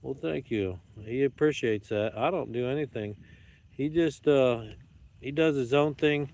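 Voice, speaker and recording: A man's voice: medium pitch, a little slow, darkish tone. Playful rambling man vlogging outdoors. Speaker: YouTube vlogger. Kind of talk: casual joking vlog talk. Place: outdoors at dusk with dogs around.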